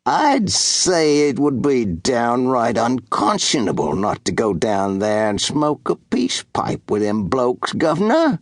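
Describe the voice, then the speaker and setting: Gruff slangy trapper, savage grin in the voice, drawled slow, narrator puts him on. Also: male voice, medium pitch, sing-song, no echo. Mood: mocking. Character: rough, savage male fur trapper.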